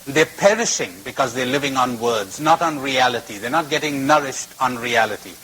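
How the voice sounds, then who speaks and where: A man with a medium-pitched, sharp, breathy voice speaks fairly quickly, giving a spiritual talk at a retreat. Captured on old tape with poor audio, he tells stories and uses repetition and shifting emphasis.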